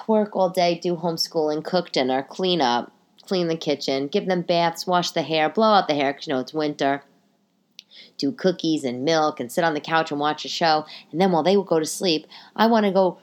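A woman's voice: deep voice, moderate pace. A woman in her thirties hosting a casual solo podcast from home, venting in an exasperated, swearing rant. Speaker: podcast host. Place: home living room.

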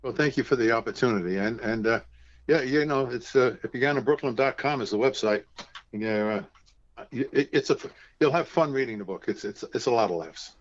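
A man, a guest author, telling family anecdotes in an animated way and acting out the voices of relatives. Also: mid-range voice, brisk, highs cut off.

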